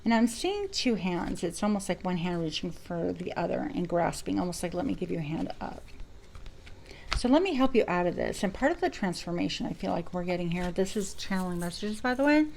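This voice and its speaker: A woman's voice: on the low side, sing-song, brisk, creaky, hardly any pauses, a little mellow, a little hiss or hum, poor audio. A woman giving a spiritual card reading to her viewers, reflective and searching for words as she goes. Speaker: tarot reader.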